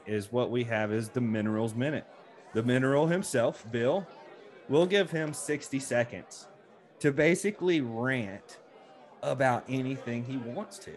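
A man hosting a casual podcast from a tavern, joking and rambling with restarts. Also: medium pitch. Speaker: podcast host.

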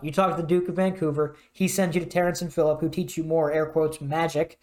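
A man's voice: fairly high pitch, flat delivery, fast, hardly any pauses, darkish tone. A man co-hosting a podcast, casually rambling through a game's story and acting out bits of it. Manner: rambling retelling with acted-out quotes. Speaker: podcast co-host. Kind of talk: casual game discussion.

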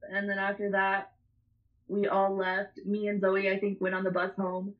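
A young woman tells a rambling story in a casual chat, swearing freely and laughing as she goes. Her voice sits at an ordinary middle pitch. The recording sounds slightly muffled. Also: monotone, normal speed. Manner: rambling, profane, laughs often.

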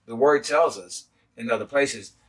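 A man, a pastor, teaching a sermon in a halting way with many filler sounds. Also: mid-range voice, a bit bright, recorded from a distance, low-quality recording.

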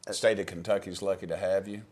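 A man's voice: low-pitched, level tone, fast, a little mellow, slightly rough. A middle-aged man with a Southern US accent hosting a casual interview podcast, folksy and joking as he wanders through stories. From Tennessee. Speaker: podcast host, congressman.

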